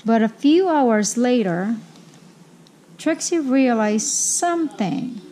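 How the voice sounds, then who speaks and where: A woman reading a children's picture book aloud, slowly and carefully. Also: on the high side, expressive, mellow, a little hiss or hum. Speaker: storybook reader.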